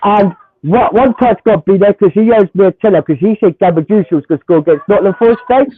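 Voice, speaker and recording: A Chelsea-supporting man argues football in heated banter, repeating himself and cutting in. His voice sits high and comes through a thin, tinny phone line with no room sound. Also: fast talker, husky, dry recording. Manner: animated, repeats himself, talks over others. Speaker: guest, Chelsea fan.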